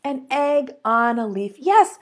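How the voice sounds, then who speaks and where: High, lively preschool teacher reading aloud. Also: female voice. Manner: slow, singsong storytime delivery with animated exclamations. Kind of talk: reading a picture book aloud to young children.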